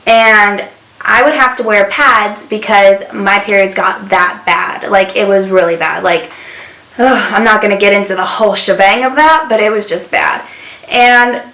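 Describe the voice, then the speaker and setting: A woman's voice: mid-range voice, unhurried, pushed and bright. A young woman vlogger telling a story casually, chatty and full of fillers. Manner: chatty, many fillers, acts out quotes. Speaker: beauty vlogger. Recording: roomy echo.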